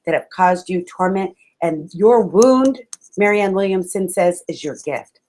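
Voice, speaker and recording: A woman's voice: medium pitch, darkish tone, poor audio. A woman giving a passionate, emphatic motivational talk to a live audience, often laughing and calling her listeners friends. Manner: laughs often between lines. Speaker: motivational speaker.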